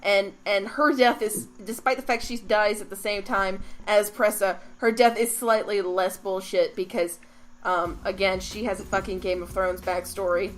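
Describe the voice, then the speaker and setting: A young woman co-hosting a casual podcast about video games, animated and profane, swinging between gushing and mock outrage. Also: mid-range voice, normal speed, a little hiss or hum. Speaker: podcast co-host. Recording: faint background music.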